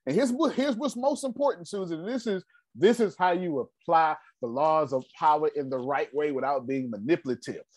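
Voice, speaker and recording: A man's voice: a little high, normal speed, darkish tone, no echo. A man leading a group meeting with a motivational talk, emphatic and preachy, repeating his phrases and using casual slang. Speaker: meeting leader.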